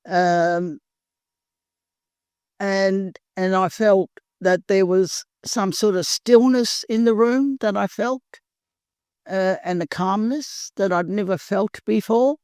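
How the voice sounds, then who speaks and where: An older woman from Perth with an Australian accent, telling her recovery story in a halting, earnest way, full of pauses. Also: mid-range voice, a little mellow, clear, resonant tone, dry recording, studio quality. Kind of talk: personal recovery testimony.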